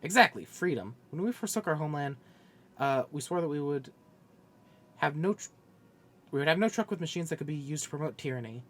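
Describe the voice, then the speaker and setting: A man's voice: a little high, animated, a little fast, pauses often, fairly bright tone. A man voicing a stern veteran engineer chief, reading game lines aloud on a stream and stumbling into restarts.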